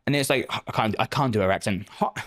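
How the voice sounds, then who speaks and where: A man's voice: fairly low pitch, fast, fairly bright tone. A man live-streaming, chatting casually with viewers and answering their messages with lots of swearing and joking banter.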